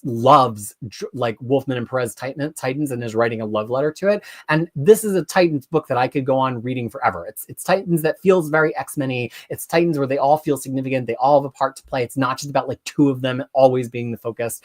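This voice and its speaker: Excitable live-stream comic reviewer. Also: medium pitch. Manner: excitable, emphatic, swings into loud ranting.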